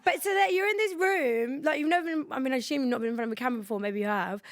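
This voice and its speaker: Young woman, chatty and self-mocking, higher voice, close dry sound. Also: very fast, no room sound. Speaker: podcast guest. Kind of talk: casual chat.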